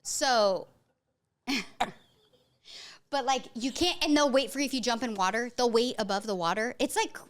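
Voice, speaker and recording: A mother and podcast host telling a story in a rambling, animated way with lots of "like". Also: fairly high pitch, normal speed, pauses often. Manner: animated, rambling, heavy use of "like". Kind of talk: casual storytelling chat.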